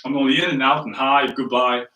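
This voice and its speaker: Delivering a sermon in a bright, forceful, mid-range voice, a pastor speaks fairly quickly with fairly even intonation. The mic sits at a distance in an echoey room with slight background noise, and he tells a chatty, self-deprecating story, checking in with listeners with frequent "right?" asides.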